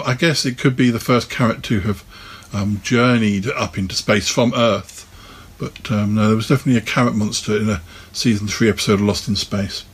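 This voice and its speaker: A man casually talking through an old children's annual and reading from it, relaxed and chatty with plenty of ums and asides. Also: medium pitch, slightly rough. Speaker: video host reviewing a vintage annual. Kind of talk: casual rambling commentary and read-aloud.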